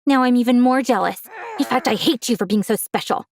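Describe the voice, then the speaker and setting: Woman doing a snotty jealous teen girl, sneering, goes shrill and high when she yells. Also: fairly quick, lightly acted. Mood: mocking. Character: jealous mocking teenage girl cousin.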